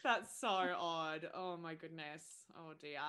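A woman, co-hosting a podcast in casual chat, expressive and quick to giggle. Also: sits low, smooth. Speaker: podcast co-host.

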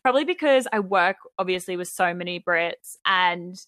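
A woman's voice: on the low side, animated, moderate pace, a bit bright, dry recording. A young Australian woman co-hosting a podcast in casual chat, with dry, wry asides. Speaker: podcast co-host.

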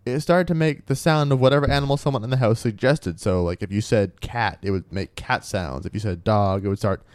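A man's voice: fairly low pitch, brisk, clean tone, dry recording. A man co-hosting a podcast, telling a spooky true story in a casual, chatty way with frequent ums and laughs.

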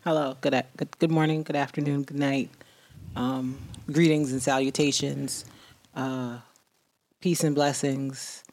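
A woman co-hosting a casual podcast chat, animated and playful, breaking into high sing-song bits. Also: a little slow. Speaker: podcast co-host.

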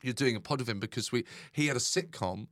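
Bright-voiced comedian telling stories. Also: male voice, medium pitch, quick pace. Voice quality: speaks quietly unless projecting. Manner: animated storyteller, bursts into loud shouted impressions. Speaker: comedian guest. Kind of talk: casual chat, storytelling.

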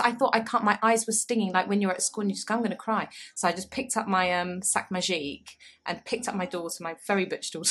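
A woman in her thirties co-hosting a podcast, telling stories in an animated, self-mocking way. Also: mid-range voice. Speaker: podcast co-host. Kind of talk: casual chat. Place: small public toilet.

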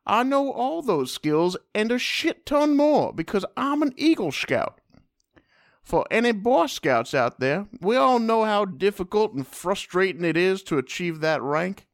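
A man co-hosting a comedy podcast, reading out a listener's letter with playful, deadpan humor. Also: high-pitched, a little slow, no echo, studio quality. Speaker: podcast co-host.

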